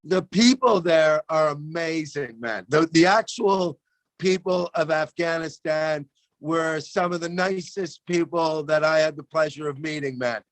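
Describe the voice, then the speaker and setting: Man, high voice, loose rambling comic chat, dry close sound. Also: a little slow, dry recording. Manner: rambling, loose, laughing, swears freely. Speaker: comedian co-host. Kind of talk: casual comedic chat.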